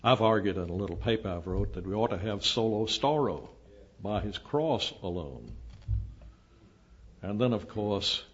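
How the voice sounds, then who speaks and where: An older man preaching a sermon, lecturing emphatically and often rising to loud declamation. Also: on the low side, animated, normal speed, slightly rough. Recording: dull lo-fi recording.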